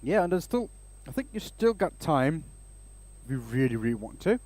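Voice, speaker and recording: A man's voice: on the high side, big pitch swings, moderate pace, darkish tone. A man hosting a woodturning live stream in a workshop, chatting casually and rambling through stories.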